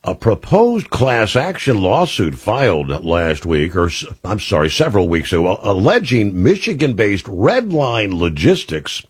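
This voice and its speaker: A man's voice: fairly low pitch, sing-song, measured pace, hardly any pauses, breathy edge, dry recording. A man hosting a talk radio show, reading news items and adding opinionated, conversational asides with frequent "uh" fillers.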